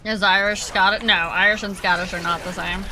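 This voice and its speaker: A woman's voice: mid-range voice, fairly even intonation, fairly quick, noisy background. A young adult woman streamer chatting casually with viewers while playing, greeting them by name and reacting to the game. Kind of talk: casual live-stream chat over gameplay.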